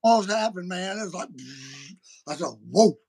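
A man hosting a podcast, talking in a casual, animated and folksy way. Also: high-pitched, brisk. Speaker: podcast host. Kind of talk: casual chat.

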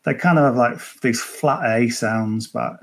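A man's voice: medium pitch, unhurried. A man chatting casually as a golf betting guest on a podcast, rambling with many restarts and fillers. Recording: remote, at the tournament venue.

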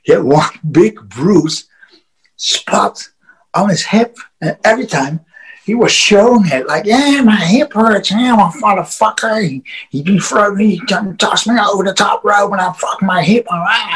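A Dutch man with a notably high voice tells a loose, profane road story as a podcast guest. He laughs often and restarts words as he goes. English is not his first language, and his Dutch accent is clear. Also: normal speed, poor audio. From Netherlands. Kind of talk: casual storytelling.

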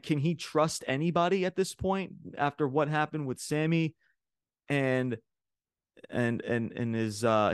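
A man's voice: a little high, no echo, clean studio sound. A man hosting a wrestling podcast, recapping a show in a casual, rambling way with lots of fillers and restarts.

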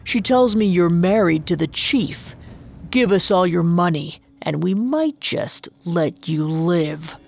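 Woman voicing a bearded mountain bandit, slow and threatening, low-ish voice, storybook villain. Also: lively intonation, creaky, darkish tone, full character voice. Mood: menacing.

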